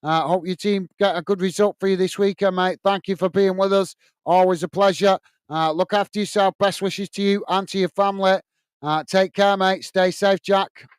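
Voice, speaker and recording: A man's voice: sits high, fairly even intonation, normal speed, clear, resonant tone, dry recording. A man hosting a football watch-along live stream, reading out viewer comments and giving friendly, repetitive sign-offs with many fillers. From England.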